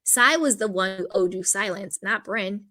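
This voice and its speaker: A woman talks about a reality show at normal speed in a mid-range voice that sounds pushed and bright. She's frank and opinionated, her casual speech dotted with "like."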